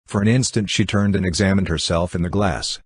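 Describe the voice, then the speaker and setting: A man narrating an audiobook in a steady, even reading voice. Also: sits low, a little fast, breathy edge, no echo, studio quality. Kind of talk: scripted narration.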